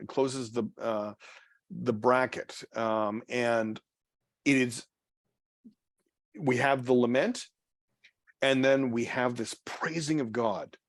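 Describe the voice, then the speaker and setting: Halting, filler-heavy male Bible study leader. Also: mid-range voice, dry recording. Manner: halting, many fillers and restarts. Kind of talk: unscripted Bible study talk. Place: church meeting room.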